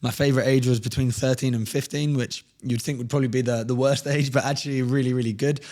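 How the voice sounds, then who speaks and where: A man's voice: mid-range voice, steady tone, quick pace, a little mellow. A man, a fitness coach, telling easygoing, rambling stories as a podcast guest. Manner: easygoing, rambling, many restarts. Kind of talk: casual storytelling.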